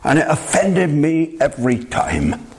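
An older man delivers a sermon with a lively, rising and falling pitch. His voice has a husky edge, and he speaks emphatically, turning to his listeners directly. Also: a little slow. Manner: animated, emphatic, addresses listeners as my friend. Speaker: preacher.

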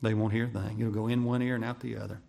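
A man preaching a sermon, swinging from hushed, drawn-out phrases to loud, pressing repetition. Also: fairly low pitch, little pitch movement, vocal fry. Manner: dramatic, swings from hushed to shouting, repeats phrases.

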